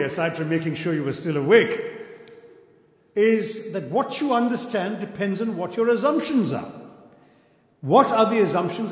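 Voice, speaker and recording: A middle-aged man with an Indian English accent giving an eloquent, wry public lecture, telling an anecdote to an auditorium audience. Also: sits high. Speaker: guest lecturer. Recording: echoey auditorium with long reverb.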